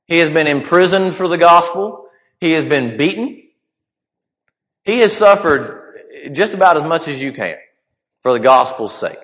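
A man delivering a sermon in a conversational, halting way with frequent restarts. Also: on the high side. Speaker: preacher. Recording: long hall reverb.

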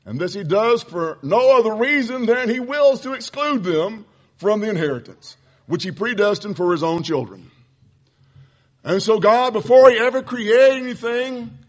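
Brief: preacher, high-pitched man, blunt and fired up, reading quotes then arguing back. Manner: impassioned, blunt, addresses listeners as folks. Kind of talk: sermon lesson.

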